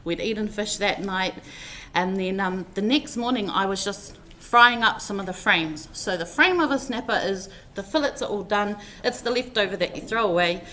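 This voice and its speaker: A woman's voice: mid-range voice, moderate pace, hardly any pauses, sharp tone, a little hiss or hum. A woman telling personal stories in a heartfelt, rambling eulogy, with many fillers as she speaks. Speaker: family member giving a tribute at a funeral service.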